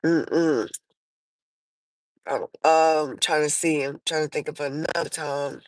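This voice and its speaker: A woman's voice: low voice, steady tone, slow, no echo, rough recording. A woman hosting a livestream, telling personal stories in a casual, rambling way, full of fillers and restarts. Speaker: livestream host. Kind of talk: casual storytelling chat.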